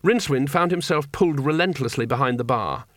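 A man's voice: mid-range voice, a little fast, no room sound. A man reading a comic fantasy story aloud with dry, wry delivery. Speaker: narrator. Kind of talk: audiobook narration.

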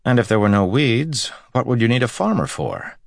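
A man's voice: medium pitch, big pitch swings, moderate pace, creaky, no echo, studio quality, voice pushed up. A man voicing a sardonic, swearing male street fighter in audiobook dialogue, talking in a wry, exasperated grumble.

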